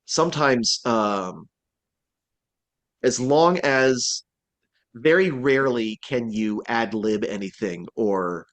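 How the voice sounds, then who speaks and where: A man's voice: medium pitch, takes it slowly, pauses often. A man, a voice actor, chatting casually in an interview, rambling with restarts and acting out quotes. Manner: rambling, many restarts and fillers, animated quotes. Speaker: voice actor guest.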